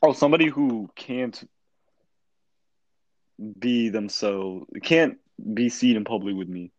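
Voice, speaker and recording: A teenage student in casual chat who talks bluntly and profanely, stumbling through restarts. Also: male voice, medium pitch, takes it slowly, no echo. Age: teens. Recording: slightly dull lo-fi sound.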